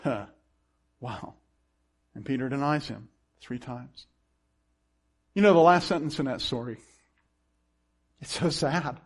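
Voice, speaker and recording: A man's voice: mid-range voice, takes it slowly, long pauses. A pastor preaching a sermon, acting out the people he quotes and laughing now and then. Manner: animated preaching with acted-out quotes and chuckles.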